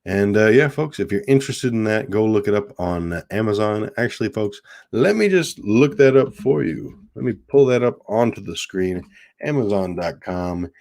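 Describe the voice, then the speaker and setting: A man's voice: lowish voice, animated, normal speed, creaky, darkish tone. A man hosting a casual live stream, chatting in a rambling way and often addressing his viewers as folks. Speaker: host.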